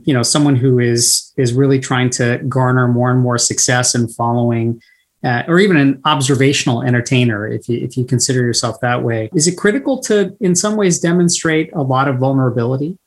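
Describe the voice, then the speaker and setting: A man hosting an interview, asking long questions in a thoughtful, searching way. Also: medium pitch. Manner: thoughtful, slow, searching phrasing with restarts. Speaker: interview host.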